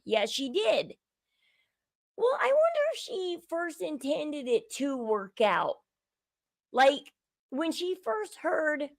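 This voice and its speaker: A high-pitched woman talks through a reality show episode in an indignant, opinionated way, circling back and repeating herself as she builds her case. She speaks at an unhurried pace, and her voice sounds dry and close. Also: creaky, dry recording. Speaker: show host.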